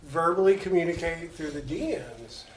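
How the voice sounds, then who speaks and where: A man's voice: on the high side, normal speed, roomy sound, far from the mic, a little hiss or hum. A man co-hosting a podcast in casual chat, steering the conversation with questions. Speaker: podcast co-host.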